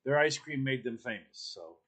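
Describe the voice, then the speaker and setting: Guy rambling through a story on a podcast, bright voice, lots of uhs and restarts. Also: medium pitch, normal speed. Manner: rambling, animated storytelling with many fillers. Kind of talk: casual chat.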